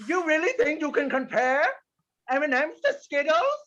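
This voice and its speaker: A high-pitched man improvising an anxious comedy character, each sentence bending upward at the end. The stream audio sounds dull and lo-fi. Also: very animated, moderate pace, a bit bright. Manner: anxious, ending sentences with a rising lilt. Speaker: improv player.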